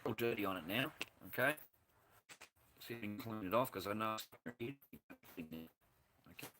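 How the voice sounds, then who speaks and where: A man's voice: lowish voice, normal speed, bright, forceful tone, soft background music. An Australian man hosting a casual livestream, rambling and swearing bluntly as he answers his live chat. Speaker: livestream host.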